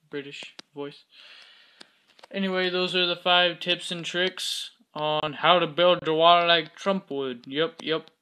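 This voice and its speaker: A man's voice: on the high side, bright, forceful tone. A man hosting a casual tutorial on building, talking in a hesitant way with lots of fillers and self-mocking asides. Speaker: Minecraft building tutorial host. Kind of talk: casual screen-recorded tutorial commentary.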